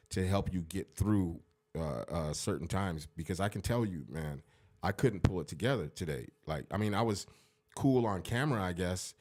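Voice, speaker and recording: Deep-voiced man holding back tears. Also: a little mellow. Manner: heartfelt, profane, halting with restarts. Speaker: podcast co-host. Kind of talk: emotional casual podcast talk.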